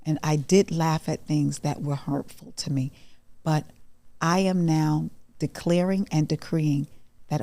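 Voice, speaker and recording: Middle-aged woman host, earnest motivational talker, warm low voice, dry close sound. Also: no room sound. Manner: earnest, repeats phrases for emphasis. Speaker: podcast host. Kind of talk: motivational monologue.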